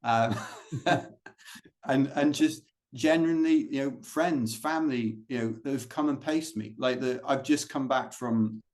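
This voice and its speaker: A man's voice: medium pitch, measured pace. A British man, an ultrarunner guest, talking casually in an interview, rambling on with lots of fillers and restarts. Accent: British English. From Britain. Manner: rambling storytelling with many fillers.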